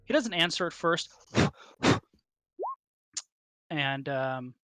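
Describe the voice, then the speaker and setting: A man's voice: on the high side, animated, extremely slow, pushed and bright, clean tone, no room sound, soft background music. A man narrating a tabletop game as game master, in a hesitant way full of fillers and restarts.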